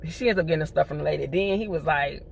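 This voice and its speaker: A woman recapping a TV episode in a chatty, animated way, full of slang. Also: low-pitched, racing, creaky, a little hiss or hum. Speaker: TV show reviewer.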